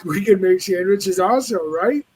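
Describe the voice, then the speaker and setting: A man's voice: high voice, measured pace, darkish tone, husky. A man on a panel chat, teasing the others and making bawdy jokes. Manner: jokey, teasing, bawdy humor. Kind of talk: casual chat.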